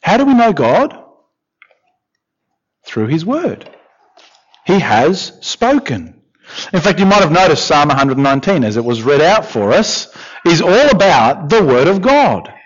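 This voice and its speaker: A man preaching a sermon, expressive, with questions and repeated emphatic lines. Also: a little high, measured pace, long pauses. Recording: dull lo-fi recording.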